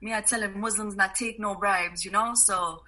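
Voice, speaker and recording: A woman voicing a calm, laid-back Jamaican man with a Jamaican accent, loud and sing-song. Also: mid-range voice, moderate pace. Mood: amused.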